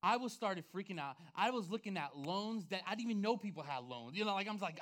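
Animated high-voiced male pastor preaching. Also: quick pace, few pauses. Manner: animated storytelling, swinging between hushed and loud. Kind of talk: sermon testimony.

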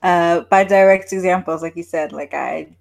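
A woman's voice: lowish voice, steady tone, normal speed, creaky. A woman interviewing someone in a casual chat, asking questions with a hesitant manner and plenty of fillers. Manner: hesitant, many fillers and restarts, soft laughs.

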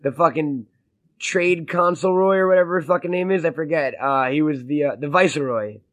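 A man's voice: fairly high pitch, brisk, a bit bright, dry recording. A man hosting a casual podcast chat, blunt and profane, arguing his point.

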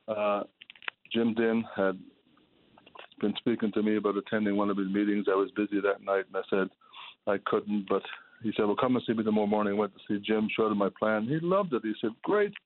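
A man, a hoarse charity manager calling in to a radio show, exasperated and pleading, repeating himself. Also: fairly low pitch, fairly even intonation, normal speed, slight background noise. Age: 70s. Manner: exasperated, pleading, repetitive outbursts. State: hoarse, losing his voice. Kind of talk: call-in radio complaint. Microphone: telephone. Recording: tinny phone line.

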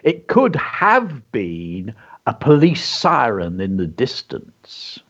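Lively man teaching kids. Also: medium pitch, slow, husky. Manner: enthusiastic, teacherly, carefully stresses words. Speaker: children's show co-host and teacher. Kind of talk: educational chat for children. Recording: dull lo-fi sound.

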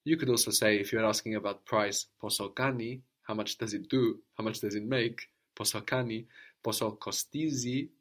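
A man's voice: on the low side, steady tone, normal speed, fairly bright tone. A man teaching a spoken language lesson, explaining patiently step by step and prompting a student to answer.

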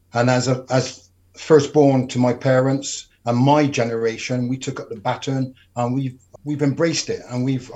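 A man born in Bristol, speaking as a panel guest. His voice sits at a middle pitch, and he talks in an earnest, emphatic way. The sound is muffled and lo-fi. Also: mellow. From Bristol, England. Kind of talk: panel discussion. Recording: dull lo-fi audio.

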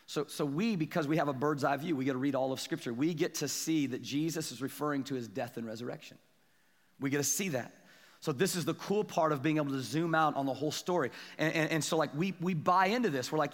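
A man preaching a sermon as pastor, animated, moving between loud emphatic peaks and quiet low asides. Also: fast, big-room sound.

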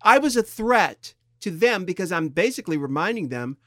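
A middle-aged man from San Diego, co-hosting a podcast in candid, casual talk, thoughtful and halting with expressive swings in pitch. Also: no echo, studio quality. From San Diego, California. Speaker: podcast co-host.

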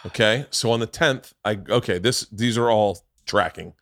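A man's voice: on the low side, moderate pace, fairly bright tone, dry recording, clean studio sound. A man hosting a podcast, telling a long rambling story in casual chat, swearing freely. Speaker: podcast host.

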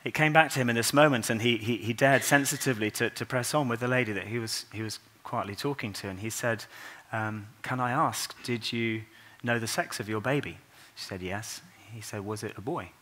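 With a medium-pitched voice, a man gives an earnest Christmas sermon in a church at an unhurried pace, quieting to a soft tone for the tender sections.

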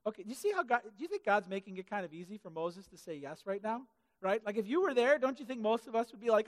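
A man preaching a sermon in a church hall, animated and comic, acting out the Bible characters in funny voices. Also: sits high, fast. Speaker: pastor. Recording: hall reverb.

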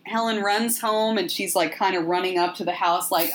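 A woman's voice: mid-range voice, normal speed, few pauses, slight background noise. Sardonic woman podcast host. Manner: sardonic, profane, animated storytelling. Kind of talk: casual movie recap chat.

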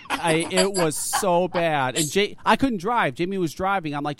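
A man's voice: high voice, moderate pace, dry recording. A man hosting a casual talk radio show, telling stories with lots of swearing and laughter. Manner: animated storyteller, swears a lot, laughs often. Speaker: host.

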